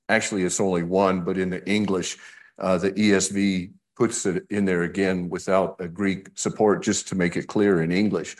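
Man, preacher, sermon, conversational, lowish voice, dramatized scripture quotes. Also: normal speed, a little mellow.

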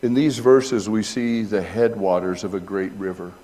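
A middle-aged male pastor delivering a sermon in a fairly low-pitched voice. He talks conversationally to his congregation and reads from an old essay, then swells into loud, high-pitched emphasis when acting out scenes. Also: fairly even intonation, normal speed, in a large hall. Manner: reads aloud from an old essay between remarks.

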